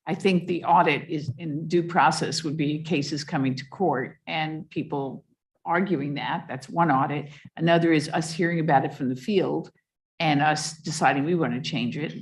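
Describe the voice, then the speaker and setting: Low-pitched woman chairing a commission meeting; casual, thinks on her feet. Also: fairly even intonation, moderate pace. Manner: informal, thinks aloud. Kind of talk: meeting discussion.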